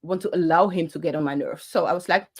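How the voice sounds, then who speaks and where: Fast-talking and fairly low-pitched, the woman hosts her own channel. Holding a microphone, she tells a personal story passionately, using her hands as she speaks, full of fillers and restarts.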